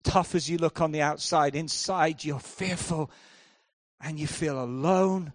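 A man preaching a sermon, swinging between hushed, slow lines and loud, driving ones. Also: fairly high pitch, fairly even intonation, no room sound, clean studio sound. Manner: dramatic swings from hushed to loud, acts out voices.

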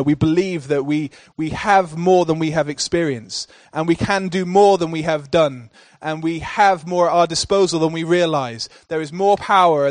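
A male pastor delivering a sermon in a rhythmic, repetitive cadence that builds to forceful declarations. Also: fairly high pitch, no echo.

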